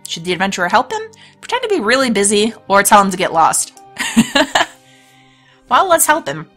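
With faint music behind her, a woman narrates a let's play of a storybook game, reading it aloud and breaking into chatty, laughing commentary. Her medium-pitched voice is very animated, a bit bright, and moves at a moderate pace.

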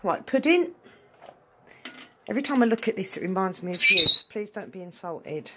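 A woman's voice: medium pitch, very animated, normal speed. A middle-aged mother talking bluntly in a casual home video from her bedroom, tired and unwell, swearing freely. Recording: noisy home recording.

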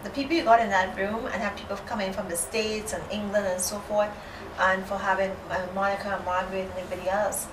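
A woman's voice: mid-range voice, steady tone, fast talker, hardly any pauses. A woman host chatting and praising her guest in conversation. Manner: warmly praising, talkative. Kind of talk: casual chat. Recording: roomy and distant with background noise.

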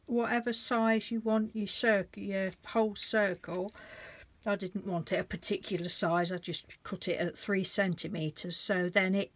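A woman with a mid-range, fairly bright voice hosts a craft channel's casual painting tutorial, recorded dry. She chats and thinks aloud while working, gushing over the colours.

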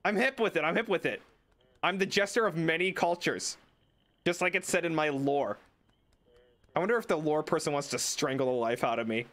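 A young man streaming a game, chatting excitedly and joking with his chat. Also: fairly high pitch, a little fast. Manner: excitable, jokey, talks to chat. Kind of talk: casual gameplay commentary.

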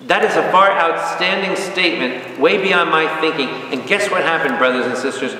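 A man, a priest, teaching a lively Bible study and quizzing his audience, recorded from a distance in a large room. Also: on the high side, normal speed. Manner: asks the audience questions, spells out words, animated. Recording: echoey hall from far off.

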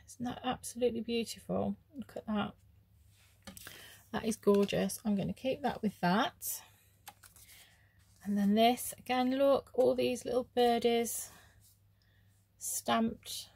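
A woman chatting casually as she opens craft mail, gushing with soft oohs and ums. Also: fairly high pitch, breathy edge, dry recording. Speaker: craft vlogger. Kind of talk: casual unboxing chat.

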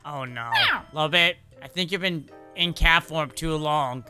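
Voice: medium pitch, measured pace, pushed and bright, clean tone, faint music behind. A performer voicing an exasperated male animatronic fox scolding his cat-form fiancee in a fan game role-play, exclaiming and pleading.

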